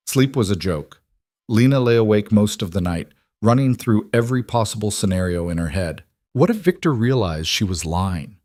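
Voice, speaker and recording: A man narrates a romance story in a steady, even storytelling manner. His voice is low and the recording dry, with no room around it. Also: moderate pace, no echo. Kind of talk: scripted narration.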